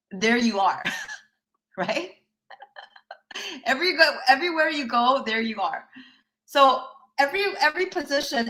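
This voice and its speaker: A high-pitched, pushed, bright voice belongs to a woman life coach giving a live online workshop. She tells a personal story casually, regularly checks in with her audience, and laughs lightly between points.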